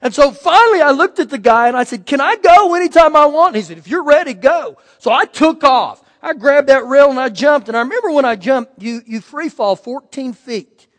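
A man's voice: very high-pitched, fairly quick. A male pastor giving a sermon, telling folksy personal stories and acting out the voices of the people in them. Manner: folksy storytelling with animated quoted voices. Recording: long hall reverb.

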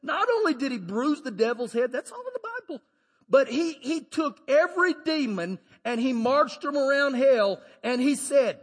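A man preaching in a big sanctuary, his voice pitched high and a little husky. He swings from shouted declarations to quiet, low asides, and his words ring out with a long reverb. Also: big pitch swings, normal speed. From Texas. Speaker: pastor. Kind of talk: sermon. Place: church sanctuary.

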